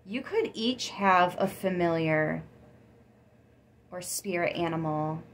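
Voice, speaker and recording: A woman giving a casual tarot reading, chatty and excitable, with frequent gasps and laughs. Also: on the low side, slow. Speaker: tarot reader.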